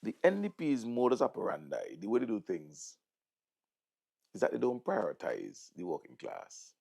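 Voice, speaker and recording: A man's voice: lowish voice, huge pitch swings, normal speed, creaky, a little mellow, breathy edge. A middle-aged man with a Vincentian accent, hosting political commentary in a mocking, sarcastic manner and repeating words for emphasis. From St Vincent and the Grenadines. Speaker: host.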